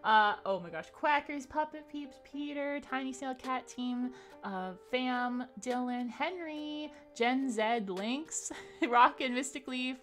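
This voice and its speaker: A woman's voice: high voice, slow, fairly bright tone. A woman game streamer chatting casually with her viewers, upbeat and giggly, rattling off names from the chat.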